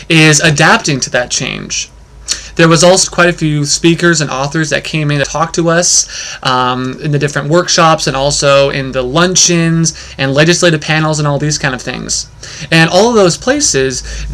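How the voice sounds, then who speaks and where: Young man, librarian, casual vlog recap, slightly high voice. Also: fairly bright tone. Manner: jokey storyteller, then earnest recap. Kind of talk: casual video talk.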